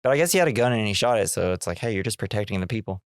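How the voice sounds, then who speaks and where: A man's voice: lowish voice, expressive, racing, smooth, dry recording. A man co-hosting a movie podcast, retelling scenes in casual chat and acting out the characters' lines between laughs. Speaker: podcast co-host.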